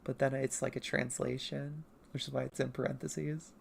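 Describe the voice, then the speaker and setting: Low-voiced woman on a chill art stream. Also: flat delivery, normal speed, vocal fry, a little hiss or hum. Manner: rambling, self-mocking. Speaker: comic artist streaming. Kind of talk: casual livestream chat.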